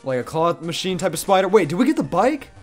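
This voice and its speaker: A man from Chicago hosting a casual gaming commentary, playful and quick to laugh. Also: sits high, sing-song, faint music behind. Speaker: host.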